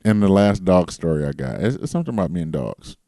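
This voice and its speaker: A low-voiced man with a dark, mellow tone, co-hosting a casual podcast. He tells his stories in a loose, animated way and swears freely. The sound is dry and close. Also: fast talker, dry recording. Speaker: podcast co-host. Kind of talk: casual storytelling chat.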